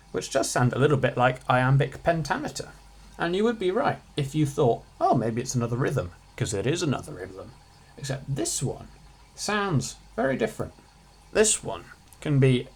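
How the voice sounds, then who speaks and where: Teenage lad, offhand study-channel host who cracks jokes, regular voice. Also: male voice, medium pitch, slightly rough. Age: teens. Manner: chatty, offhand, jokey asides. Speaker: student revising on his channel. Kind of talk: casual revision lesson.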